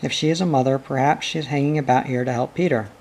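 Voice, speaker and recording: A man's voice: mid-range voice, fairly even intonation, quick pace, creaky, darkish tone, a little hiss or hum, natural voice, low-quality recording. A man reading aloud as a suspicious, wary male pirate sailor from a storybook.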